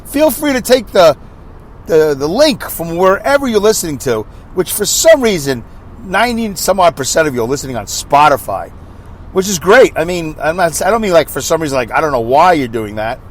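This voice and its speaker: A man talks through a loose solo podcast while he drives, his voice bouncing up and down all the time. He drifts from one aside to the next in a chatty, self-mocking way. The pitch sits a bit high for a man. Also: very animated, brisk, slight background noise. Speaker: podcast host. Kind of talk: rambling solo podcast talk. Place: inside a moving van, driving.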